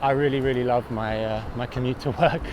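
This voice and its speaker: A man casually narrating a day-in-the-life vlog in a relaxed, chatty way, often saying "like". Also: mid-range voice, brisk. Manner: laid-back, chatty, says "like" often. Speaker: designer vlogging his day. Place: around his home city, home, café and office.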